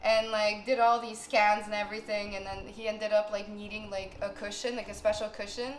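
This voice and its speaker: A woman's voice: mid-range voice, brisk. Young woman podcast co-host, chatty and laughing, echoey room recording. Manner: animated, laughing storyteller full of "like". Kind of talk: casual storytelling chat. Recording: echoey room, faint noise.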